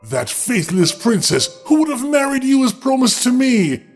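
A spiteful little storybook dwarf, played by a man, who declares his power with boastful defiance. His voice runs high. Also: big pitch swings, normal speed, soft background music, full character voice. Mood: defiant.

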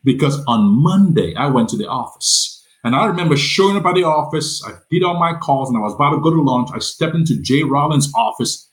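A man's voice: a little high, expressive, a little fast, hardly any pauses, poor audio. A middle-aged man from Nigeria, telling his life story as an interview guest. He acts out the voices of the people he quotes and often repeats words as he talks.

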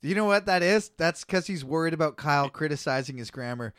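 A man with a high voice co-hosts a comedy podcast, trading crude banter. He swears freely and launches into mock-outraged rants. His voice sounds close and dry, with no room around it. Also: expressive, fast, fairly bright tone, clean tone, no echo. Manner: profane, incredulous mock rants. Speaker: podcast co-host.

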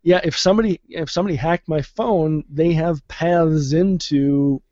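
Co-host guy, mellow voice, stumbles n restarts a lot, dry lo-fi mic. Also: a little high, normal speed, no room sound. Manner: hesitant, many restarts. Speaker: podcast co-host. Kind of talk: casual tech podcast chat.

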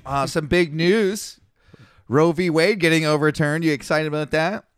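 A young man co-hosting a casual comedy podcast, telling stories with lively jumps in pitch. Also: moderate pace, clear, resonant tone, dry recording, studio quality. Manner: animated storyteller, jumps pitch for quoted voices. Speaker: podcast co-host.

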